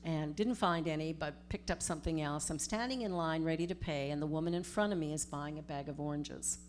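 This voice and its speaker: A middle-aged woman, a minister giving a storytelling sermon in a conversational, animated way. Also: deep voice, brisk, a little hiss or hum. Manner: conversational, animated retelling with acted-out quotes.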